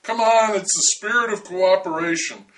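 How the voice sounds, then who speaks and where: A man's voice: sits high, normal speed, fairly bright tone, distant mic. A man voicing a scheming male TV reporter who talks in a wheedling, scornful way. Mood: pushy.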